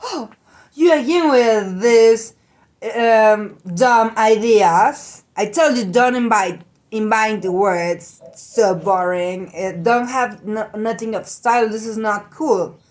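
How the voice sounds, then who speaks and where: A woman's voice: a little high, slow, darkish tone. A woman with a Mexican accent voicing a bossy teenage girl who leads her group. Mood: scornful.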